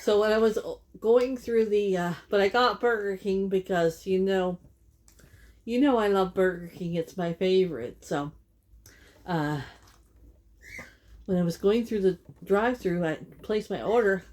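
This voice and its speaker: A Canadian vlogger chats casually while eating on camera for a mukbang, laughing often and correcting herself mid-sentence. Her voice is medium-pitched and a little mellow, and she speaks at a measured pace.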